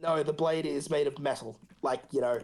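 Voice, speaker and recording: A man running a tabletop game as game master, casual and laughing, with halting restarts. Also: on the high side, steady tone, a little mellow.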